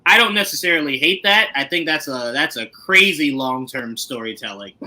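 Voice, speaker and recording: A man's voice: on the high side, moderate pace, slight background noise, rough recording. A man co-hosting a podcast, chatting casually about a TV show, laughing often and acting out scenes. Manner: animated, laughs often, acts out scenes in put-on voices. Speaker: podcast co-host.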